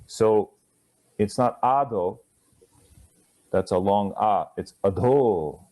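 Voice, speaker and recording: A man teaching Sanskrit pronunciation to a live class, talking conversationally, stretching words out slowly to model them, with playful chuckling asides. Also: on the low side, level tone, mellow.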